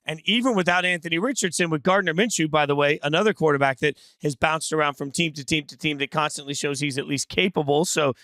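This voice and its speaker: A man's voice: on the high side, quick pace, hardly any pauses, pushed and bright, no room sound. A middle-aged man hosting a casual sports analysis chat, opinionated and brash in his calls. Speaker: sports show host.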